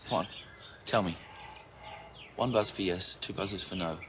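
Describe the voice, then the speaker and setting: An actor playing an easygoing young man, a devoted son who talks in a chatty, gently coaxing way. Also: sits low, a little slow, noisy background. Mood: pleading. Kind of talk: film acting.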